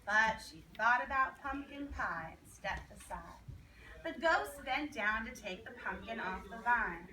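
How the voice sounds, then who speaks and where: A woman's voice: on the high side, lively intonation, a little slow, sharp tone. A woman reading a picture book aloud to children, with a rhythmic, singsong delivery. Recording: echoey room, distant mic, background noise.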